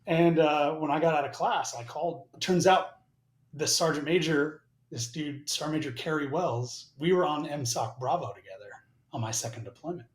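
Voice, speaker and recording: A podcast guest in his forties, his voice on the high side and his pace normal, tells a story casually and with plenty of profanity. He acts out both sides of each conversation, and the recording has a roomy echo.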